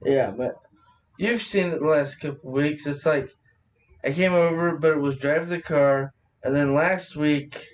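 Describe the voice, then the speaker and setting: A man chatting loosely on a podcast, drifting from one thought to the next with frequent laughter and plenty of swearing. His voice sits a touch high for a man. He is picked up from some distance off the mic. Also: normal speed. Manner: rambling, laughs often, swears freely. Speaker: podcast host. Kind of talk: casual chat.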